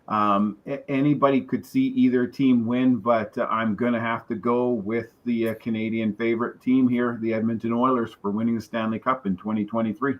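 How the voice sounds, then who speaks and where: A man's voice: mid-range voice, little pitch movement, moderate pace, hardly any pauses. A man giving confident hockey playoff predictions on a casual sports chat, with a few filler ums. His audio sounds slightly dull and muffled. His voice sits mid-range. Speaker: hockey analyst guest.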